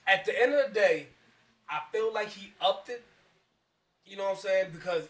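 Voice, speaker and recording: A man's voice: high-pitched, moderate pace, fairly bright tone, echoey room, recorded from a distance, slight background noise. A man co-hosting a casual podcast, talking in slangy, profane street speech. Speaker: podcast co-host. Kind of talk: casual group podcast chat.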